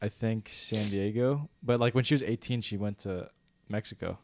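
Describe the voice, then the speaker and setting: A man's voice: fairly low pitch, normal speed, a little mellow. Laughing, swearing man in casual chat. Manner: laughs often mid-story, swears casually. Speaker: podcast co-host.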